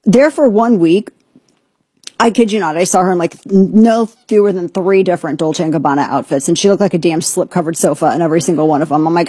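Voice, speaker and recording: A woman hosts a talk show in a brash, sarcastic way. Her voice is mellow and a little husky. The sound is dry and close, with no room around it. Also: lowish voice, quick pace, no room sound. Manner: brash, sarcastic, mocking impressions. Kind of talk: opinionated radio talk.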